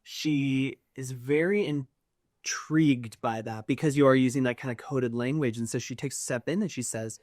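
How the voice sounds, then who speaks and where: A man's voice: mid-range voice, normal speed, darkish tone. Chatty man narrating as game master. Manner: chatty, giggly.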